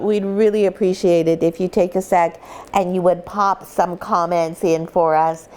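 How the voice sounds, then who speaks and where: A woman's voice: mid-range voice, a little mellow. A middle-aged woman, a dog breeder, casually explaining things in a home vlog, chatty and full of fillers and restarts.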